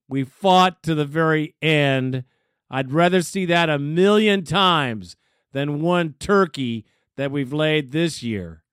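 A man's voice: on the high side, a bit bright, clean tone, no room sound, studio quality. Easygoing male fan radio host. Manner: easygoing, brotherly, folksy sayings. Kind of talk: casual radio talk.

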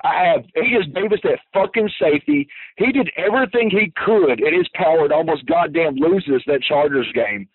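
Over a tinny, dry phone line, a man calls a fan radio show and rants furiously with nonstop profanity. His voice is on the high side and expressive, at a moderate pace, with a breathy edge and no room sound.

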